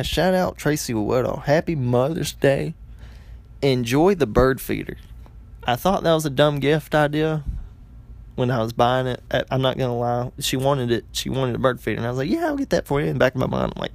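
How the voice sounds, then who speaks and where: A man's voice: mid-range voice, creaky, darkish tone. A young man telling a funny story in a rambling way, with lots of fillers and restarts. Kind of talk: casual comedic storytelling.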